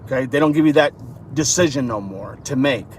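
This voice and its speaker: A man's voice: mid-range voice, fairly quick, slight background noise, pitched below the performer's own voice, close to an everyday voice. A man playing a nervous woman in a car brushing off a police officer with hasty reassurances.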